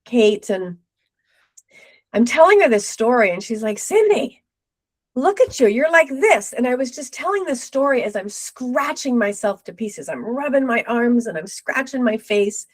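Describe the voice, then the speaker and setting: A woman's voice: a little high, moderate pace. Middle-aged woman telling her story. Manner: animated retelling with acted quotes. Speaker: guest. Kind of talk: personal storytelling in an interview.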